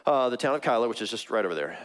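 Man, pastor, conversational sermon, acts out characters, lively pitch. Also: very fast. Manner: conversational, acts out voices of biblical figures, laughs.

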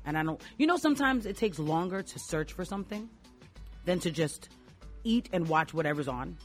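A woman's voice: lowish voice, animated, moderate pace, faint music behind. A woman co-hosting a radio show, chatting expressively and laughing often. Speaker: co-host. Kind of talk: casual chat.

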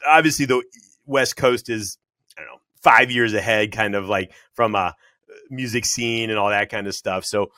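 A man's voice: on the low side, normal speed, sharp tone, no echo, clean studio sound. A man hosting an interview, enthusiastic and rambling with fillers. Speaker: podcast host. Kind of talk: casual interview chat.

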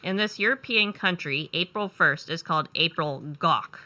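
A woman's voice: lowish voice, moderate pace, pushed and bright. A woman co-hosting a radio show, reading trivia questions in casual banter. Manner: upbeat, reads questions aloud. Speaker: radio co-host running a quiz.

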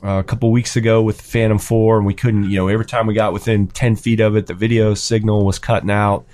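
Speaking fast and flat in a fairly low, slightly mellow voice, a father of a thirteen-year-old shares a casual story during a hobby chat. He uses lots of fillers and restarts, and his voice jumps up sharply when quoting himself or his son.

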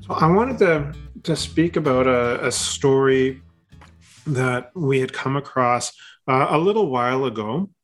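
Relaxed halting male podcast host. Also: medium pitch, soft background music. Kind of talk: casual podcast chat.

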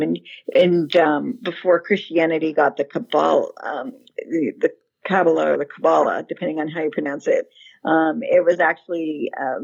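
A woman with a somewhat low voice talks through her ideas in a relaxed interview, pausing often on "um" and restarting her sentences. The audio is dull and lo-fi, with little crispness. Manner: thoughtful, many fillers and restarts. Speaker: researcher guest. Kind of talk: conversational interview answer.

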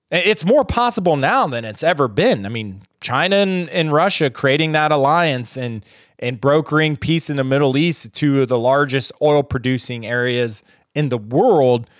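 Blunt, profane American podcast ranter. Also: male voice, fairly high pitch, no room sound, studio quality. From United States. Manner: rambling, with restarts and trailing off. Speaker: podcast host. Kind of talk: solo podcast rant.

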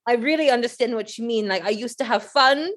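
A woman's voice: fairly high pitch, brisk, a bit bright. Improv bit: woman doing a British male trolley driver, put-on accent, chatty, rambling. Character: British male trolley driver, coffee-loving, resents his father.

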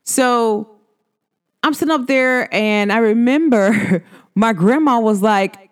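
Young adult woman, casual vlog monologue, animated, laughs, rhetorical questions. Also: fairly high pitch, slow pace, clear, resonant tone. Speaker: vlogger. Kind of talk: casual self-help monologue.

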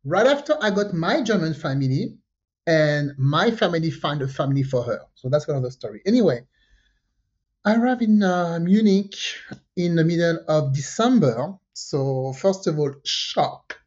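This podcast co-host, a woman from France, speaks at a normal speed while casually telling a story. Her delivery is lively, she uses lots of fillers, and her pitch leaps when she imitates other people. The sound has a flat, lo-fi podcast quality.

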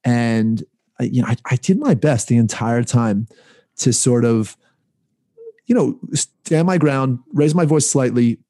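A man from Israel chats casually, his voice mellow and dark. He wanders through his story with fillers and restarts. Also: mid-range voice. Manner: rambling, many restarts and fillers.

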